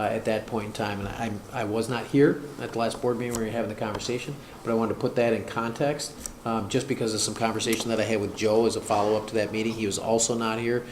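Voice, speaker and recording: A man speaking as a school district administrator at a board work session, talking hesitantly with many fillers and restarts. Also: lowish voice. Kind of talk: meeting discussion. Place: school board meeting room. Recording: echoey room, noisy, far mic.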